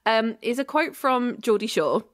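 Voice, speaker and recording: Giggly, animated southern English woman. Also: fairly high pitch, unhurried. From southern England. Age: 30s. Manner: giggly, swears freely, animated. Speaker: podcast host. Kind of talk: casual podcast chat.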